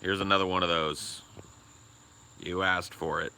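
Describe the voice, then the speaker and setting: A man on a podcast rambles in casual, profane chat, his voice strikingly bright and edgy. He sits a little low in pitch and bursts into loud laughs between thoughts. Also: steady tone, unhurried, slight background noise. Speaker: podcast co-host.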